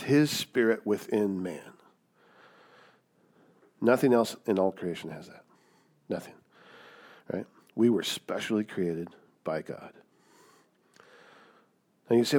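A man preaching a Bible teaching in a conversational way, often checking in with a quick question to his listeners. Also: on the low side, a little mellow. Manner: conversational, keeps asking "right?". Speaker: pastor.

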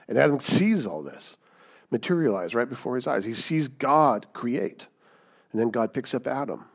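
A man preaching a Bible teaching in a conversational way, often checking in with a quick question to his listeners. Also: medium pitch, expressive. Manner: conversational, keeps asking "right?". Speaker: pastor.

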